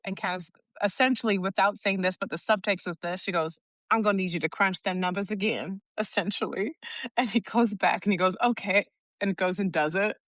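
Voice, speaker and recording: A woman's voice: medium pitch, dry recording. A woman co-hosting a podcast, telling a long story in casual chat, acting out what people said and laughing often. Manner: animated storyteller, acts out quotes, laughs often. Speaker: podcast co-host.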